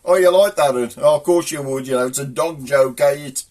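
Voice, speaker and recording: A man's voice: mid-range voice, a little fast, background noise. A man with a Black Country accent hosting a casual comic video, rambling through old local sayings and jokes. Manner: rambling, folksy joke-telling.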